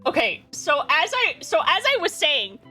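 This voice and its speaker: A woman from Canada, a streamer chatting in a chaotic, excitable way, swearing and breaking into laughter. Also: high-pitched, normal speed, faint music behind. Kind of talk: casual chat.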